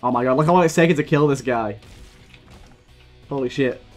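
A man's voice: medium pitch, a little fast, faint music behind. A young man giving live gameplay commentary, ranting heatedly and swearing often as he plays. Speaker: gaming video creator.

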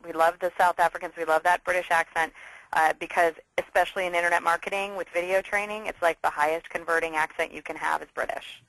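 A woman hosting a casual business interview, enthusiastic and talking in quick bursts. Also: lowish voice, flat delivery, fairly bright tone, poor audio. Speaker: interview host.

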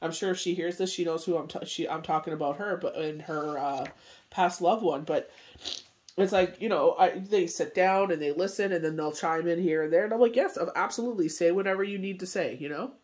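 A man's voice: a little high, a little fast, a little mellow. A man reading tarot cards in a casual spoken forecast, talking in a loose, rambling way full of fillers. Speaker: tarot reader and medium.

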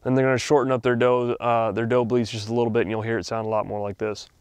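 A man explains hunting calls at a quick clip, his voice smooth and clear. The delivery is brisk and instructional, with a few filler pauses. The sound is dry and close. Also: mid-range voice, little pitch movement, darkish tone, dry recording. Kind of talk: instructional talk.

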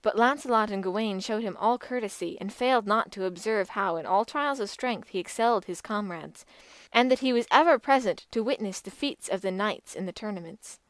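A woman narrating an old legend as an audiobook, in a measured and expressive manner. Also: medium pitch, no room sound. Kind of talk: scripted storytelling narration.

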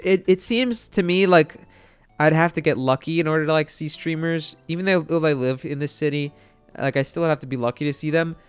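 A young man telling a story to his stream chat, excitable and rambling, with lots of fillers and swearing. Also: on the high side, clean tone.

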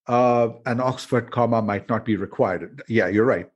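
A man's voice: mid-range voice, steady tone, normal speed, lo-fi sound. A middle-aged man hosting a casual chat about words, playful and joking, explaining with examples. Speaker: podcast host.

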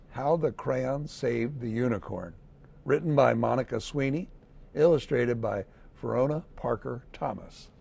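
Gravelly, slow-reading mayor. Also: male voice, medium pitch. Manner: gentle, slow storytelling with lively read-aloud voices. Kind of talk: reading a picture book aloud.

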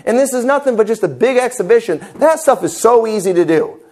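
A man's voice: very high-pitched, expressive, brisk, dark tone. A man, preaching a sermon in a church, conversational with joking, mocking asides. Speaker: pastor. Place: church sanctuary.

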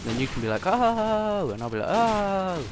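A man giving jokey, excitable commentary over his own first-person shooter gameplay, quickly frustrated when shots miss. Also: lowish voice. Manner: excitable, joking, easily frustrated. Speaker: gaming channel host. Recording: game gunfire noise behind voice. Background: shooter game gunfire.

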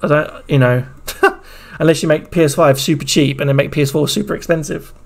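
A man streaming, reacting excitedly to a game trailer in casual, profanity-laced commentary. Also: fairly high pitch, a little fast, creaky. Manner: excitable, swears freely, talks over the video.

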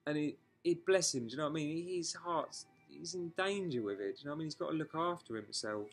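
A man's voice: a little high, quick pace, slightly rough, soft background music. Frank, sweary man vlogging. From England. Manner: frank, emotional, swears freely, talks in rambling restarts. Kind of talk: candid personal storytelling vlog.

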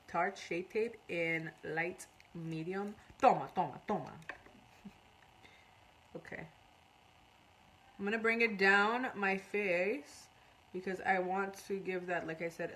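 A woman's voice: medium pitch, bright, forceful tone, a little hiss or hum, poor audio. A woman doing a casual live makeup tutorial, chatty, switching between English and beginner's Spanish, with a runny nose. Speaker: makeup artist streaming live.

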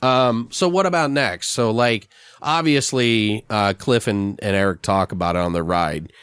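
A man's voice: on the low side, unhurried, fairly bright tone, clear, resonant tone, dry recording. A man hosting a podcast, rambling and swearing casually as he brainstorms a story idea. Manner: rambling, profane, acts out characters. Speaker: podcast host. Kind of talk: casual improvised brainstorming chat.

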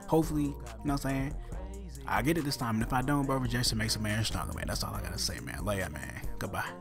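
A young man, talking casually to his viewers in a slangy, excited way. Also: mid-range voice, quick pace, music in the background. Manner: slangy, hyped, shouting in skits. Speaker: content creator. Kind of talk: casual vlog talk and skits.

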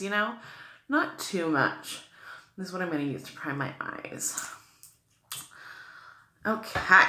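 A woman's voice: fairly low pitch, bright, forceful tone, roomy sound. A woman from New England chatting through a makeup tutorial, gushing about products and full of "like" and "okay.". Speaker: beauty vlogger.

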